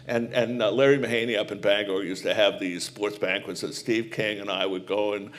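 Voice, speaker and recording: A man's voice: fairly low pitch, fairly even intonation, brisk, a bit bright. Rambling man telling stories on stage. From Maine. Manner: rambling anecdotal storyteller, many fillers and restarts, reflective. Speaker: humorist guest. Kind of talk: live stage interview storytelling. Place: small live performance venue.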